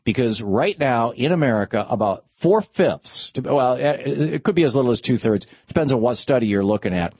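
A man hosting a call-in radio talk show, talking in animated bursts with stammering restarts. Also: medium pitch, a little fast, hardly any pauses, slightly rough, no echo, muffled recording.

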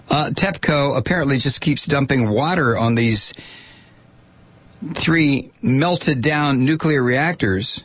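Husky-voiced man, wry and sardonic. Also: medium pitch, slow, fairly bright tone. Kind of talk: informal spoken commentary.

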